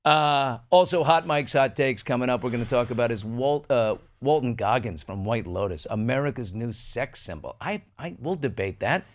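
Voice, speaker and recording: A man's voice: medium pitch, normal speed, hardly any pauses. Sardonic talk show host, man. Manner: sardonic, animated riffing. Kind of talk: casual political commentary.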